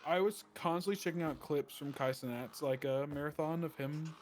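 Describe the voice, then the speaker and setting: A man's voice: on the high side, normal speed, a crowd in the background. A man chatting casually with a friend while they play a game, giggly and joking. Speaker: gaming co-host. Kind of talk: casual gaming chat.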